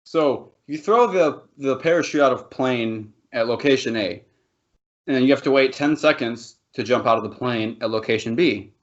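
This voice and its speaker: A man's voice: mid-range voice, normal speed. A man co-hosting a podcast, rambling and laughing through loose banter with plenty of swearing. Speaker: podcast co-host. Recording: dull lo-fi podcast audio.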